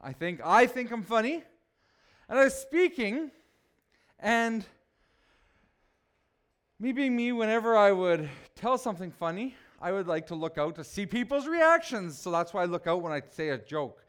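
High-voiced, smooth-toned joking pastor. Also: male voice, normal speed. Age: 40s. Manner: joking, self-mocking, animated asides to the congregation. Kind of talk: humorous sermon storytelling.

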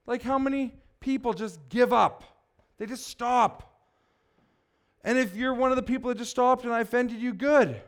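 A middle-aged man preaching a blunt, exhorting sermon, swinging between loud pushes and quiet asides. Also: very high voice, moderate pace.

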